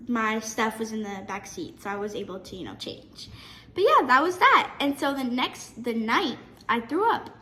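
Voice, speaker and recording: A teenage girl with a high voice chats to her viewers, animated and quick to restart her sentences. She is recorded in an echoey room with a faint hum in the background. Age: teen. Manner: chatty, animated, frequent restarts. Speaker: vlogger. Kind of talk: casual storytelling to camera.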